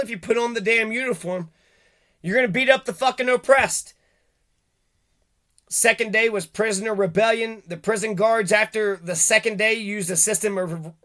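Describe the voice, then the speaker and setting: Brief: male commentator, high pitch, profane and animated, casual monologue.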